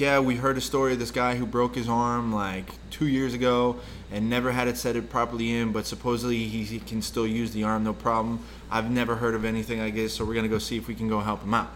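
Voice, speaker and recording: A man's voice: mid-range voice, fairly bright tone, a little hiss or hum. A man co-hosting a podcast in casual chat, rambling through stories and swearing freely. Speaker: podcast co-host.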